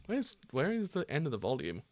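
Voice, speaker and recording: A man's voice: mid-range voice, brisk, a little hiss or hum. Laid-back young man reacting to manga. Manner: relaxed, stumbling, swears casually. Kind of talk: casual reaction commentary.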